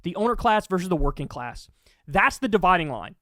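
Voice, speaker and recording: A man's voice: high voice, very animated, a little fast, bright, forceful tone, no echo, clean studio sound. Profane, ranting male commentator. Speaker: political commentary host. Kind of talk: heated political commentary.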